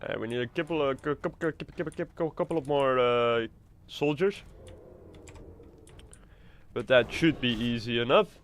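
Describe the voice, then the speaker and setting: A man's voice: mid-range voice, unhurried, pauses often, a little hiss or hum. A man streaming a video game, chatting casually in a rambling, self-mocking way with stammers and restarts. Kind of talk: casual gameplay chat.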